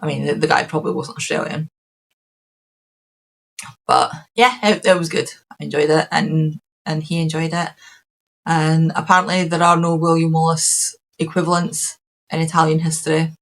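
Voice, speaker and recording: Gravelly-voiced Scottish woman chatting. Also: low voice, level tone, moderate pace, low-quality recording. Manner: rambling, with many ums and restarts. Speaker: podcast host. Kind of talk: casual chat.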